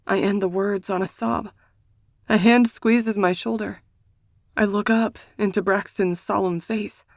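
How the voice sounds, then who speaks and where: Hushed female audiobook narrator. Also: mid-range voice, steady tone, unhurried, no echo, clean studio sound. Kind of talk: scripted first-person audiobook narration.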